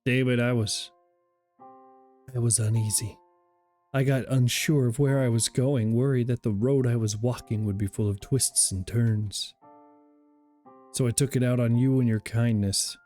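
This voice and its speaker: A man's voice: mid-range voice, steady tone, measured pace, long pauses, warm tone, lightly acted. A man voicing a remorseful young woman who speaks hesitantly and apologetically, over faint piano music.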